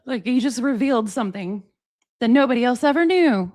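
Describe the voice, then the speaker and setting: A woman in her forties talks through a live reaction stream, her voice sitting a little high. She is sarcastic and exasperated, breaks into laughs, and addresses her viewers directly. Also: animated, brisk, darkish tone. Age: 40s. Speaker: commentary streamer.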